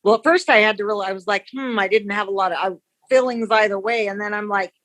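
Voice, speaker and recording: A woman's voice: mid-range voice, fast talker, fairly bright tone. A woman from the victim's family, talking frankly and casually in an interview. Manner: plain-spoken, frank.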